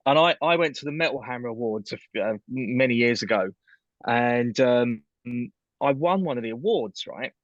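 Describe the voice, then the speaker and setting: A man in casual chat, telling an animated anecdote about music gigs and acting out the people in his story. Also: medium pitch, normal speed, no room sound. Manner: animated anecdote teller, does voices in his stories. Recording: dull dry lo-fi sound.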